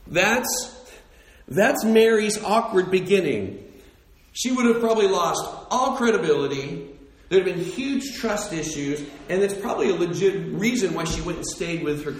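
A man preaching a sermon as a pastor, telling the story in an animated way and acting out the characters. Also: sits high, very echoey, poor audio.

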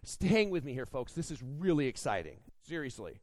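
A man preaching a sermon, telling a lively personal story in a chatty, animated way with frequent restarts. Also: medium pitch, brisk, no echo. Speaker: pastor.

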